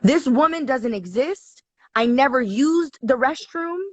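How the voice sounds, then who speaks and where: A woman's voice: high-pitched, animated, a little slow, darkish tone, dry recording. A woman guest in a casual chat, telling a story in a heated, profane, emphatic way over a live video call. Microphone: live online video call. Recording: dry, dull lo-fi stream audio.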